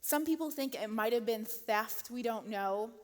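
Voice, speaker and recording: A woman giving a casual, chatty sermon, laughing often and filling pauses with "um" and "like". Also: a little high. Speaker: church speaker. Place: church auditorium. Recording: long hall reverb.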